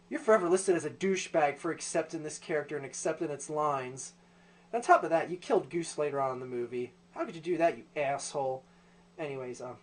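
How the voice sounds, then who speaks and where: A man ranting profanely in a comedic vlog, full of ums and likes. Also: fairly high pitch. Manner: ranting, profane, lots of fillers. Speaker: video host.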